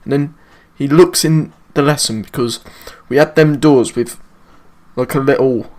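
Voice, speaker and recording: A British man recounts a school story straight to camera in a loose, casual way. His talk is full of slang and swearing, and his voice sits at an ordinary middle pitch. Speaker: vlogger.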